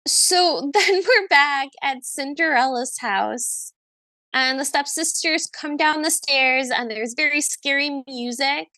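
A young woman co-hosting a casual podcast, talking in a high, bright voice and recapping a film with lively energy. She keeps slipping into quoted lines as she goes, and her voice sounds close and dry. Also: takes it slowly, no echo. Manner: animated, acts out quoted lines. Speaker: podcast co-host.

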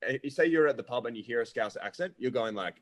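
A man's voice: medium pitch, lively intonation, fast talker. A man, a comedian guest, chatting over a video call with joking, self-mocking humor. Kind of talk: casual chat.

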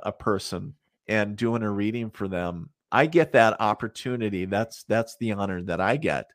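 A middle-aged man, a psychic medium, tells stories casually during an interview, rambling with lots of fillers and asides and laughing at his own tales. His voice sits on the low side. The recording is clean studio sound with no room sound.

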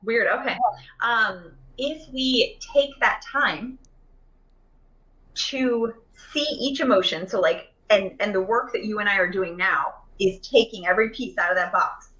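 A woman's voice: mid-range voice, measured pace, bright, forceful tone, muffled recording. A woman in a casual conversation about emotional healing, chatty, with many fillers and restarts, speaking over a video call.

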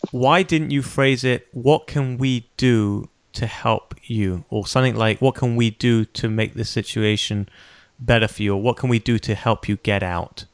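Nieuwsgierige interviewer, droge opname. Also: male voice, mid-range voice, moderate pace, no echo. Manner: attentive, brief acknowledgments and probing questions. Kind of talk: interview questions.

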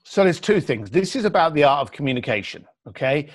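A podcast guest with a fairly high voice talks briskly and bluntly in an interview, animating his stories by acting out what other people said. The sound is studio quality with no echo.

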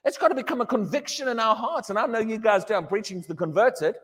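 An English pastor preaches fast in a church hall, his voice fairly bright and slightly rough. He's emphatic, repeats his words, and mocks a wailing believer in a high voice. Long hall reverb trails each line.

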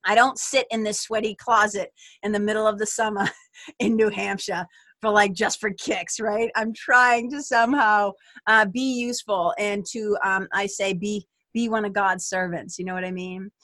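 A woman's voice: medium pitch, fairly even intonation, normal speed, a bit bright, dry recording. A woman hosting a podcast, giving an earnest spiritual self-help talk straight to her listeners, recorded in a small closet. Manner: earnest, direct address to listeners. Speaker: podcast host.

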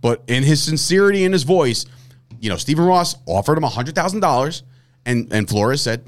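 A man's voice: fairly high pitch, animated, a little fast. A man co-hosting a sports podcast, talking casually and animatedly, swearing and restarting words as he goes. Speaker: podcast co-host.

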